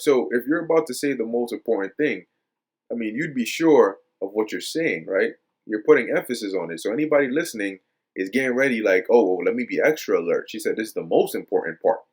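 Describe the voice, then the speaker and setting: A man reading news quotes aloud and commenting on them in a casual religious style, with lots of hesitations and repeated words. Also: lowish voice. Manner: many fillers and repeated words; reads quotes aloud then remarks on them.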